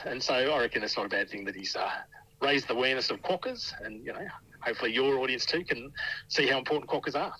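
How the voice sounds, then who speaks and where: Male scientist guest, bright and raspy, hesitant and giggly. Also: medium pitch, no room sound, low-quality recording. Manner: hesitant, laughs often, many ums. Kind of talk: interview answers.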